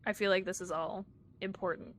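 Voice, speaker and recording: A woman's voice: medium pitch, steady tone, a little fast, a bit bright. Giggly woman streaming a game. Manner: chatty, giggly, talks to her viewers. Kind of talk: live-streamed gameplay chat.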